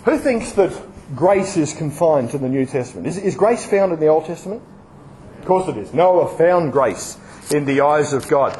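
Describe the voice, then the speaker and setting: A man preaching a sermon, lively, asking his listeners questions and acting out examples in front of a live audience. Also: fairly high pitch, normal speed, slight background noise, poor audio.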